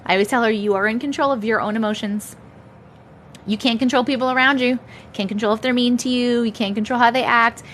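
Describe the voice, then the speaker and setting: A woman's voice: a little high, fairly even intonation, quick pace, fairly bright tone, slight background noise. A woman in her thirties hosting a casual live stream, reading chat and laughing often as she talks. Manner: laughs often, chatty and upbeat. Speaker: livestream host.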